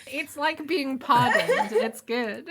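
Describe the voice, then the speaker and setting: Playful woman with lively pitch on a podcast. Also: slow pace, a loud crowd. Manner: playful, joking. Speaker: podcast co-host. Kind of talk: casual podcast chat.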